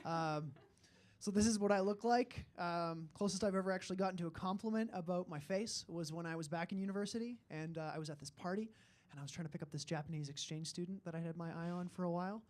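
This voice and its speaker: A man's voice: high-pitched, fast talker, a little mellow. A young man from Alberta, Canada, doing a stand-up comedy set, self-deprecating and rambling, with frequent fillers.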